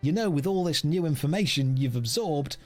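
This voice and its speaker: A man's voice: a little high, lively intonation, moderate pace, soft background music, close to an everyday voice. A man reading a game character's lines in a put-on Australian accent, as a cheery museum worker. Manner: exaggerated slangy drawl, reading NPC lines aloud.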